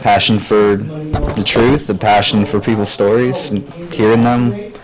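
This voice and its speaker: A man's voice: fairly low pitch, steady tone, unhurried, low-quality recording. A young man, an intern, chatting on a live stream in a hesitant way with many fillers. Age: young adult. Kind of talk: casual live chat.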